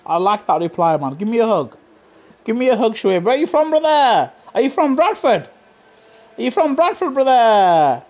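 A man's voice: very high-pitched, big pitch swings, normal speed, a little mellow. A young man, streaming live racing gameplay and teasing the players in his lobby, laughing often and full of slang. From England. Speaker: gaming streamer.

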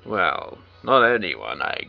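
A man's voice: low-pitched, big pitch swings, slow, creaky. A man reading a visual novel aloud and breaking off for wry, sarcastic asides. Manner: wry, sarcastic asides between read lines. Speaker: let's play commentator. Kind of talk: reading game text aloud with joking commentary. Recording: dull lo-fi recording with faint game music.

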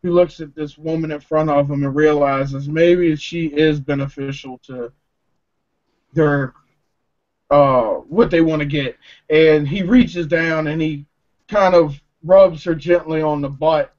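A man narrating his character's actions in a tabletop game in a slow drawl, heard on a muffled lo-fi recording. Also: fairly high pitch, fairly even intonation, a little mellow. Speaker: player.

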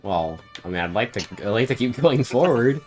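A man's voice: mid-range voice, expressive, moderate pace, faint music behind. A young man joking and swearing casually while playing a co-op game with a friend. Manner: joking, laughs often, swears. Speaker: co-op game player. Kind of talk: casual gaming chat.

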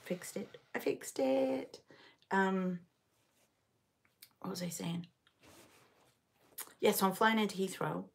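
A woman's voice: mid-range voice, fairly even intonation, slow, gravelly, pauses often, husky. A middle-aged woman from Liverpool hosting a casual live stitch-along chat, rambling and answering viewers as she goes. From England, Liverpool area. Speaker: knitting channel host. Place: home.

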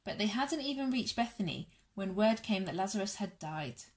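Speaking with a mid-range voice, a woman tells a Bible story to families and children gathered for an all-age church session. She sounds warm and measured, yet animated.

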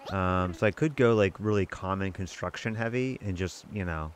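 Chatty low-voiced man hosting a game playthrough. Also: moderate pace. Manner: chatty, rambling, self-amused. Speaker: gaming channel host. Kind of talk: casual let's-play commentary.

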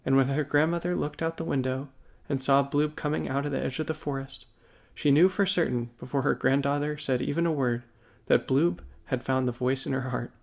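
A man narrating a bedtime story in an even, storybook reading cadence. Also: medium pitch, brisk, creaky, hardly any pauses.

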